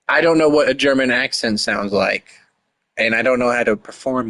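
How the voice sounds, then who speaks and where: A man's voice: mid-range voice, moderate pace, fairly bright tone, slight background noise. A man chatting casually and joking about himself while playing a game, with slang asides. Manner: joking, self-deprecating, slangy. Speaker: gamer.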